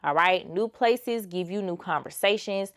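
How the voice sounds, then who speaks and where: A woman's voice: on the low side, measured pace, a bit bright. A young woman, giving a chatty, emphatic motivational vlog monologue. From Georgia, USA. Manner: emphatic and chatty, full of fillers and rhetorical "okay?". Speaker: lifestyle motivational vlogger.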